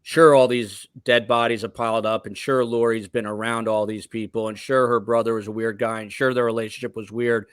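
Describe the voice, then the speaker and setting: A man's voice: on the low side, level tone, a little fast, few pauses, fairly bright tone, clear, resonant tone, no echo. A man hosting a live true-crime podcast, reading out viewer comments and putting long questions to his guests. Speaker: podcast host.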